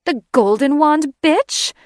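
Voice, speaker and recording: A woman's voice: a little slow, no echo, studio quality, lightly acted. A woman voicing a haughty, spiteful female griffin shifter who sneers and shrieks her lines. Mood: sneering. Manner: sneering, shrill and venomous.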